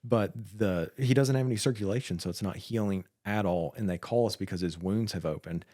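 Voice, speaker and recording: A man co-hosting a podcast about emergency medical work, telling stories with dark jokes and laughing often. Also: on the low side, brisk, no room sound, studio quality. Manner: joking, laughs at his own dark humor. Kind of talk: casual chat.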